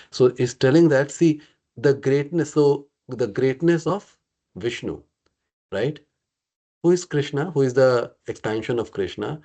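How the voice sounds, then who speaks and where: Higher-voiced man teaching a scripture class. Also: dark tone. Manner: questioning the group, frequent "okay" and "right". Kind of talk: interactive scripture study class.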